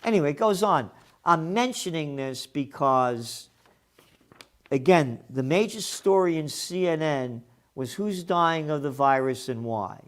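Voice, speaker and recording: A man's voice: a little high, animated, unhurried. A man hosting an opinionated news commentary show, blunt and sarcastic, with profane heated outbursts. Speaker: host of a trends commentary show.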